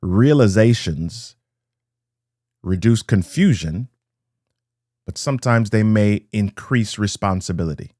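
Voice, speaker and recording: Male motivational speaker, lower register, rhythmic and repetitive delivery, dry close recording. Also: expressive, slow, pauses often, warm tone, no echo. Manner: rhythmic, repeats key lines, greets viewers. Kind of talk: live-streamed motivational talk.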